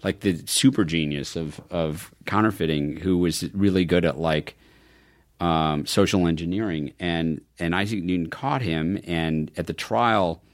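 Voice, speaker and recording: Deep-voiced man telling animated stories. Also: a little slow. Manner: animated storyteller, acts out quotes in a higher voice. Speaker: film producer guest. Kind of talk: casual interview conversation.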